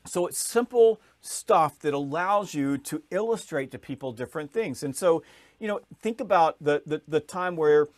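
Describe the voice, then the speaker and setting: His pitch leaps upward as he plays the characters in his story, this fairly high-voiced sales author speaking at a moderate pace as a podcast guest. He's a lively storyteller in an animated conversation, and the sound is close and dry with no room or echo.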